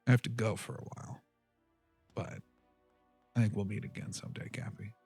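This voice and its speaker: A man voicing a quiet, awkward male mentor who speaks softly and haltingly. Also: fairly low pitch, flat delivery, slightly rough, faint music behind. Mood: tender. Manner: soft-spoken, halting, gentle.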